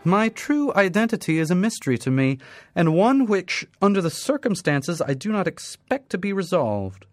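A man's voice: sits high, big pitch swings, moderate pace, no echo, faint music behind, pitched above the performer's own voice. Grand, formal robot narrator, loyal and grave, male reader doing the voice. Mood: solemn grave. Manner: stately, formal, declamatory.

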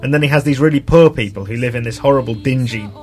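A man presenting a casual radio chat show, retelling a children's story with many pauses and restarts. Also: medium pitch, darkish tone, faint music behind. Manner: hesitant, many ums and restarts.

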